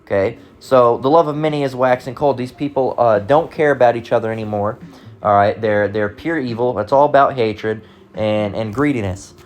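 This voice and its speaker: A man's voice: mid-range voice, moderate pace. A man giving casual, rambling commentary on online comments, talking bluntly and profanely with frequent restarts.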